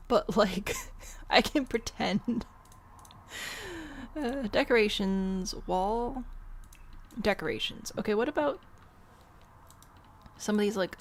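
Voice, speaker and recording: Woman, gravelly, low-pitched, casual gameplay commentary, thinking out loud, self-mocking. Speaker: gameplay host.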